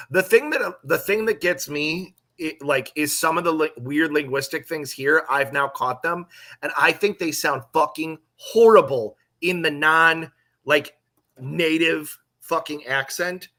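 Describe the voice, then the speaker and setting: A man's voice: a little high, unhurried, sharp tone. A man with a Chicago accent, teasing his friends and telling stories on a live stream. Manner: teasing, profane storyteller. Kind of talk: casual banter.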